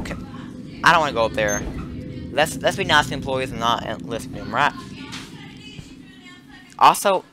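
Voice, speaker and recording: Jumpy young man with a noisy home mic. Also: medium pitch. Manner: jumpy, excitable, yelps when startled. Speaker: gaming channel host. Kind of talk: let's play commentary. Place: home room.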